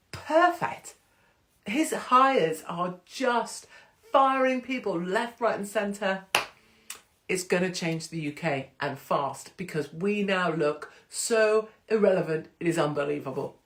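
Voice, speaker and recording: A woman hosting a casual livestream chat, cheeky and excitable, rambling with asides and joking interruptions as she reads out announcements. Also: mid-range voice, takes it slowly, slight background noise. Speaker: host.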